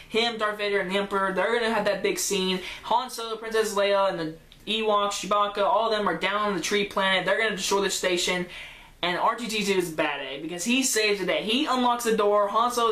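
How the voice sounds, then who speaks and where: A woman rambles through a movie recap in a mid-pitched voice, gushing and brushing details aside. The sound bounces around an echoey room. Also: fairly bright tone. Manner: rambling, gushing, often trails off with "whatever". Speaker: movie reviewer.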